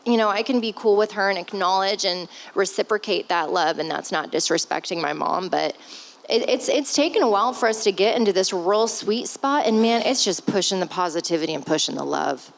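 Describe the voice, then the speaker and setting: A woman's voice: medium pitch, expressive, a little fast, creaky, low-quality recording. A woman in her thirties speaking candidly as a stepmother on a podcast, heartfelt and close to tears, with sighs and the odd swear word. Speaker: stepmother guest on a family podcast. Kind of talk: candid conversational talk.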